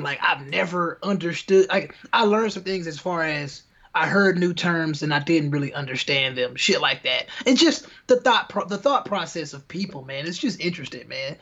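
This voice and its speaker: A man's voice: a little high, a bit bright, highs cut off. A young adult man co-hosting a podcast in a casual, laid-back, slangy way. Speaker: podcast co-host. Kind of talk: casual chat.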